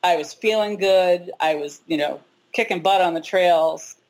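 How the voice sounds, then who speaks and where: A woman's voice: lowish voice, unhurried, a little mellow, low-quality recording. Chatty lady in her 40s telling her hiking story, candid, jokes at herself. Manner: candid, chatty, self-deprecating humor. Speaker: interview guest, hiker. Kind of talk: casual personal storytelling.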